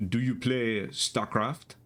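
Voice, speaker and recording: A man voicing a smug teenage French exchange student with a French accent, teasing slowly. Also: medium pitch, fairly even intonation, fairly bright tone, pitched above the performer's own voice. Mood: mocking.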